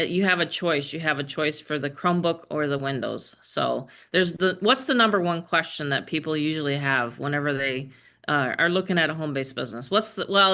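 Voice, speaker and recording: A woman's voice: on the low side, pushed and bright. A woman in her fifties, a business trainer on a casual group video call, chatty and rambling with frequent laughs. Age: 50s. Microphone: headset or desk microphone.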